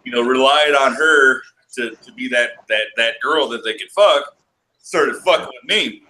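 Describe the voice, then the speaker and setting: A man from Texas telling rowdy bar-fight stories in casual chat, profane and laughing, acting out quotes in shouts. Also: mid-range voice, unhurried, rough recording.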